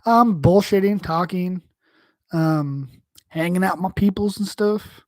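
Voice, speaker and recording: A man's voice: high voice, measured pace, dry recording, studio quality. A man from New York hosting a live stream, chatting casually and answering chat in a rambling, profane, slangy way. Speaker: livestream host.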